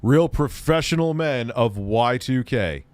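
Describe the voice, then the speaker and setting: A man's voice: mid-range voice, lively intonation, unhurried, a little mellow, no room sound. A man hosting a casual livestream, rambling and wry, swearing now and then. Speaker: livestream host reacting to an old news clip.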